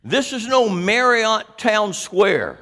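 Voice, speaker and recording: High lively-voiced guy preaching slow and deliberate, long church-hall echo on him. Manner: animated, asks the congregation questions. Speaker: pastor. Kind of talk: sermon.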